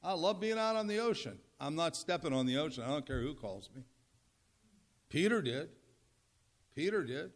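Older male pastor, high voice, chatty humorous sermon. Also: lively intonation, moderate pace, pauses often. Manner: conversational, humorous, asks the audience questions.

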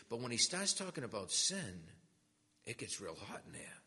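A man's voice: medium pitch, sing-song, moderate pace, bright, forceful tone. A man telling his conversion story as a sermon, acting out the voices of the people in it. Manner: storytelling, acts out quoted voices. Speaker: preacher giving testimony. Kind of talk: testimony sermon. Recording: long hall reverb.

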